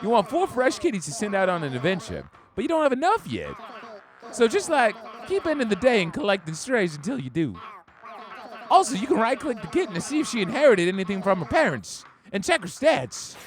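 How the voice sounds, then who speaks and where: Flamboyant gossipy game neighbor, campy, theatrical, very high voice, wild swoops in pitch. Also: male voice, huge pitch swings. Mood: chatty. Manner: campy, theatrical, drawn-out delivery. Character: flamboyant gossipy male cat-town neighbor. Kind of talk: game character dialogue.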